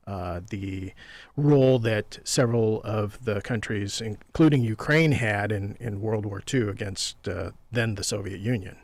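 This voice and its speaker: A male host interviewing a guest, framing his points with measured pauses. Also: fairly low pitch, no echo. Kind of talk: interview question.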